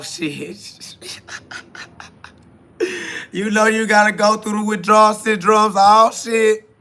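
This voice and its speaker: Male host, high voice, emphatic slangy live preaching. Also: sharp tone. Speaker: podcast host. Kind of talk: casual preaching monologue streamed live.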